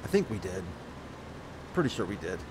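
Against some background noise, a deep-voiced man with a sing-song delivery and moderate pace hosts a let's play from home near the Great Lakes. He rambles casually about his life while thinking aloud through the game.

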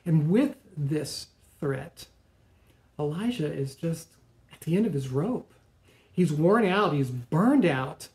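A male pastor preaching a sermon, retelling a story dramatically with pauses and restarts. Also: on the high side, expressive, a little mellow, echoey room. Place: church sanctuary.

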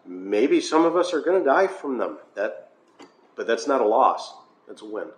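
An American pastor with a medium-pitched, sing-song voice at normal speed runs a conversational Bible study, complete with filler uhs and wry asides. It's recorded in an echoey church hall with faint noise.

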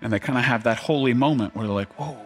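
A man preaching a sermon as pastor, animated and quick to laugh, acting out voices from the story. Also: mid-range voice, faint music behind.

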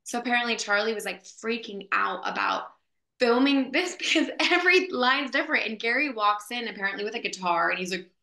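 Bright echoey woman telling a story. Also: fairly high pitch, fairly quick. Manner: animated, lots of fillers. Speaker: actress guest. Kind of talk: casual storytelling in an interview. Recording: echoey room.

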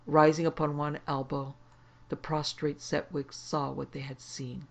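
A man narrating a horror story in a dramatic, expressive reading. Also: on the high side, a little slow, gravelly.

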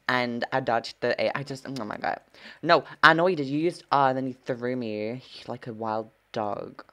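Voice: mid-range voice, a bit bright. A gameplay streamer giving live commentary, full of sassy trash talk, swearing and dramatic gasps.

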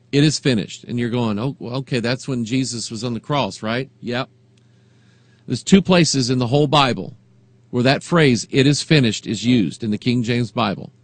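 A man preaching a sermon as pastor, moving between quiet reflection and rising, emphatic delivery. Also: medium pitch, no echo.

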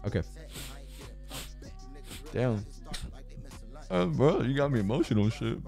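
A young man livestreaming, chatting casually to his viewers and swinging between yelled rants and low mumbling. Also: animated, normal speed, creaky, soft background music.

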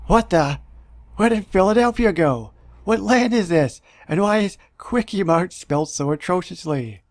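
A man's voice: high voice, expressive, moderate pace, dry recording. A man reading out a brash, boastful George Washington from a mobile game in a cocky, slangy way, recorded close on a dry mic. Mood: puzzled.

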